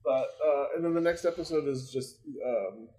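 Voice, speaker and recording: A man's voice: mid-range voice, moderate pace, dark tone, rough recording. A man co-hosting a podcast, chatting casually with lots of fillers, swearing and laughter. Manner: rambling, filler-heavy, swears freely, laughs often. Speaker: podcast co-host. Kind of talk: casual chat recapping a sitcom.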